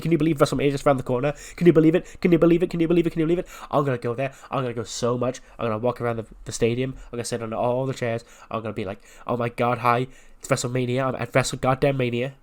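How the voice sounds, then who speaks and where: A man's voice: medium pitch, level tone, lightly acted. A man voicing an overexcited young woman student who gushes and repeats herself. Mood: giddy. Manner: gushing, rapid, repeats herself.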